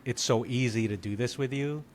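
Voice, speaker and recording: A man's voice: medium pitch, moderate pace. A man hosting a podcast, chatting casually and thinking aloud with frequent fillers. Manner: reflective, thinking aloud with many "like"s. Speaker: podcast host. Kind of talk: casual conversation.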